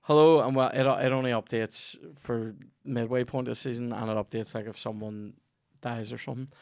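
A man's voice: medium pitch, fairly even intonation, brisk, creaky, a little mellow. A Northern Irish man hosting a podcast, rambling through a profane, jokey sponsor read. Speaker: podcast host. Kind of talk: sweary comedic ad read.

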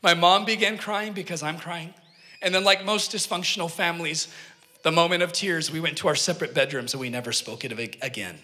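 Male preacher, high and bright, earnest storyteller, in a reverberant church hall. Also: a little fast. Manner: earnest, emphatic, joking asides to the congregation. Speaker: pastor. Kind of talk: sermon with personal storytelling.

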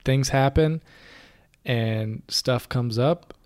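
A man's voice: medium pitch, very slow, darkish tone. Guy cohosting a podcast, earnest and thoughtful, restarts a lot. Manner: earnest, reflective, many restarts. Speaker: podcast co-host. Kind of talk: casual conversation.

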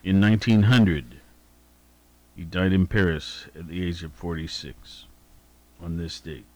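A man's voice: sits low, fairly even intonation, measured pace, darkish tone. A man hosting a radio show who reads the day's anniversaries and birthdays in a meandering way, humming filler syllables and correcting himself aloud. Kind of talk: casual on-air chat, reading daily almanac.

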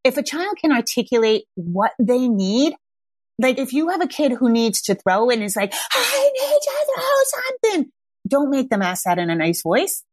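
A woman's voice: a little high, lively intonation, normal speed, darkish tone, no echo. Chatty woman parenting coach, dry sound. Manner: conversational, frequent tag questions like "right?" and "yeah?". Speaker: parenting coach and podcast host. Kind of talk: casual advice talk.

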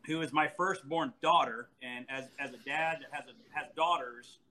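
Man in his forties, bright voice, animated storyteller with frequent laughs and restarts, casual chat. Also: on the high side, moderate pace, a little hiss or hum, poor audio. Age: 40s.

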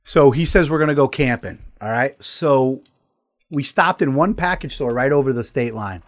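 A man spins a rambling, profane yarn as host of a casual talk show. He's animated and laughs often as he talks. His voice sits at an ordinary middle pitch. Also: moderate pace. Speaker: podcast host. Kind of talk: casual storytelling chat.

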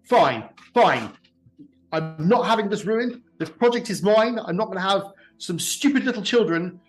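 A man voicing a raging, unhinged female villain who rants and stammers, swinging between fury and quiet menace. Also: mid-range voice, very animated, unhurried, faint music behind. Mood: enraged.

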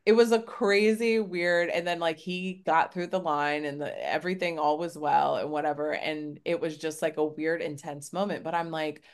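A woman's voice: sits low, moderate pace, hardly any pauses, smooth. A woman co-hosting a podcast, telling a story in casual chat, acting out quotes with lots of "like" and casual swearing. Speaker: podcast co-host.

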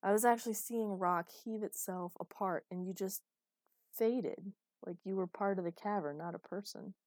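A woman's voice: mid-range voice, normal speed, darkish tone, no room sound, studio quality, close to an everyday voice. Woman reading as a wry, teasing tired man. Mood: insistent. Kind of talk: audiobook character voice.

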